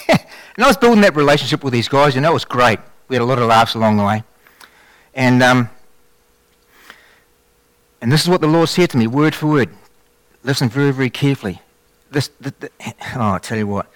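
A man shares a testimony from the pulpit, telling his story with animated energy and many restarts. His voice sits in a middle pitch, and the sound is dry and close. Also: moderate pace, long pauses, no room sound. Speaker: lay preacher giving testimony. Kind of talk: sermon testimony.

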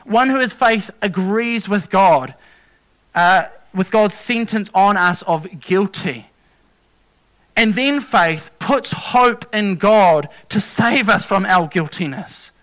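Earnest, bright-voiced male preacher. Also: sits high, lively intonation. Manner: earnest, halting with restarts and self-corrections. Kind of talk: sermon.

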